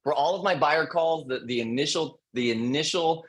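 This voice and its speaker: A man who is a real estate agent, presenting call scripts on a panel webinar in an energetic coaching manner, repeating his key points. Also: fairly high pitch, moderate pace, low-quality recording.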